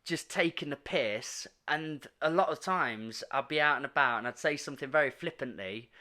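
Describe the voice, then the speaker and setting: A young man chatting on a podcast, telling animated stories, laughing often and mimicking voices. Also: medium pitch, moderate pace. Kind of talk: casual podcast chat.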